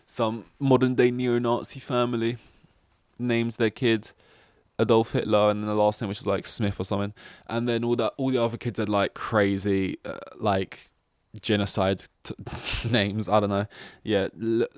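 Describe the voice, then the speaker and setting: A man's voice: fairly low pitch, flat delivery, normal speed, smooth, dry recording, clean studio sound. Young man rambling through a solo podcast. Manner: rambling, full of restarts and tangents. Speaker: podcast host.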